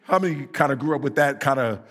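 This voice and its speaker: A man's voice: medium pitch, lively intonation, fast, a bit bright. A man preaching a sermon in a conversational way, acting out quoted voices and rising to emphatic peaks on scripture. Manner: acts out quoted voices for comic effect. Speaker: pastor.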